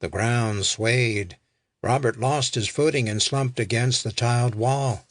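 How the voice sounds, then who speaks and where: A man reading an audiobook in a slow, deliberate manner. His voice sits at a middling pitch, and the recording is dry and close. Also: dry recording. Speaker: audiobook narrator. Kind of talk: scripted narration.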